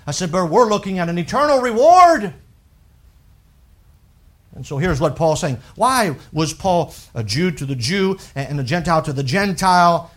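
High-voiced preacher swinging between loud and low. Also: male voice, very animated, unhurried. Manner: reads scripture in a rising, emphatic voice; drops low and quiet to explain points. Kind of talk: sermon.

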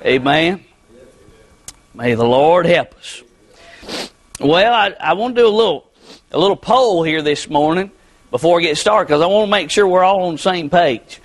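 A man's voice: fairly high pitch, lively intonation, moderate pace, long pauses. A man pastor delivering a plainspoken, conversational sermon to his congregation, repeating phrases and dropping "amen" after nearly every point. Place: church sanctuary with a congregation.

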